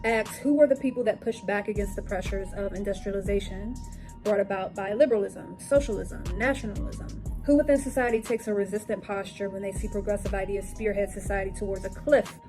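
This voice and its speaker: A woman's voice: medium pitch, steady tone, a little fast, music in the background. A woman giving an explanatory commentary monologue, lecturing with rhetorical questions and emphatic lists. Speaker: political commentary vlogger.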